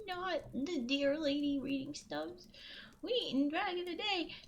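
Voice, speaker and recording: A woman's voice: high-pitched, lively intonation, takes it slowly, vocal fry. A woman streaming live, chatting casually with her viewers, nervous and pleading, laughing often and repeating herself. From US Midwest. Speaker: streamer reading folktales.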